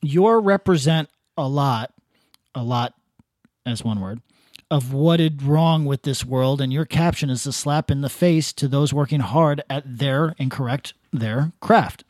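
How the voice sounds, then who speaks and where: A man's voice: mid-range voice, measured pace, a little mellow, no echo, studio quality. A man co-hosting a casual podcast, reading online comments aloud and mocking them with profanity. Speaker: podcast co-host.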